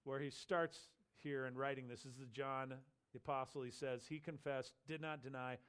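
A man's voice: mid-range voice, normal speed, clean tone. A man preaching an expository sermon, explaining a Bible passage and briefly acting out the voices he quotes. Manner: animated teaching, acts out quoted voices.

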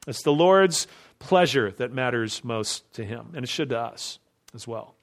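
A man's voice: mid-range voice, lively intonation, a little slow, slight background noise. A man preaching an expository sermon, driving his points home with emphatic strings of rhetorical questions. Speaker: pastor.

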